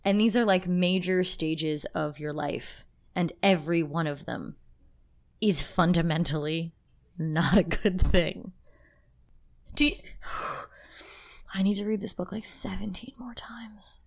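A woman co-hosting a podcast in casual chat, emotional and halting, laughing through her feelings. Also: fairly low pitch. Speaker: podcast co-host.

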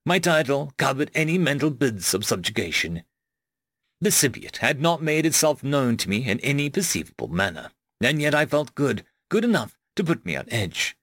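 Expressive male audiobook narrator. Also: mid-range voice, no room sound, clean studio sound. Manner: measured, expressive storytelling. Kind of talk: first-person fiction narration.

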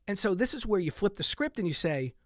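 A middle-aged man hosting a fitness podcast in a casual monologue, animated, laughing often and dropping into soft asides. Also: high voice, brisk, dry recording, clean studio sound.

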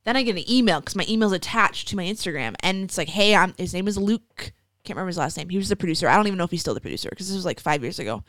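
A young woman is a guest in an interview and tells her story in a lively, chatty way. She acts out other people's voices and fills her talk with "like". The recording is dry and close, with no room echo. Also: fairly low pitch, racing. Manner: lively, acts out quoted voices, many "like" fillers. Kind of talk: casual storytelling.

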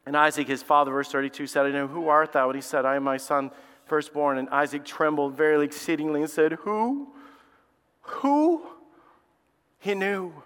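Bright, ringing male pastor in a hall. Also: fairly high pitch, flat delivery, fast talker, clean tone. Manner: reads scripture softly, then preaches with rising intensity. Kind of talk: sermon.

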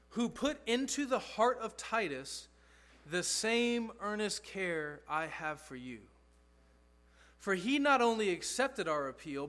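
A man's voice: high voice, fairly bright tone. A man pastor preaching a sermon, earnest and emphatic, repeating key phrases for stress.

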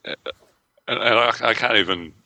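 Deep-voiced, dry-teasing male co-host. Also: normal speed, sharp tone, no echo. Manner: dry, teasing, curt replies. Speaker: podcast co-host. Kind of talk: casual chat.

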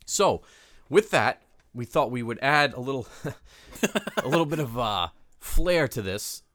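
A man's voice: medium pitch, sing-song, measured pace, fairly bright tone, no echo. A man co-hosting a podcast, chatting casually and joking, with many fillers. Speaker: podcast co-host. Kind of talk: casual chat.

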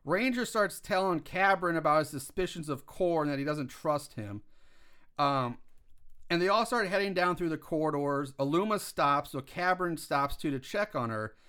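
A man co-hosting a podcast walks through a film's plot scene by scene, stopping for fillers and laughing along as he goes. His voice sits high and bright. It swings widely up and down as he talks. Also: expressive, moderate pace, clean tone. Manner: rambling recap with filler words and laughs. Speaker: podcast co-host recapping a film. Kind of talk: casual chat.

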